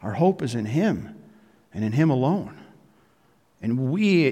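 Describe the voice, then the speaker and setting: A male pastor preaches to his congregation in a reverberant sanctuary. His voice sits at a mid pitch and swells with emphasis between pauses. The long reverb of the hall trails after each phrase. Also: sing-song, dark tone. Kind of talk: sermon.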